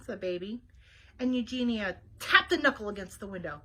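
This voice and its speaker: A mid-range, slightly rough female voice with a bright, forceful tone reads a children's storybook at normal speed. The librarian, captured on webcam, shows the pictures and chats to her young audience about them.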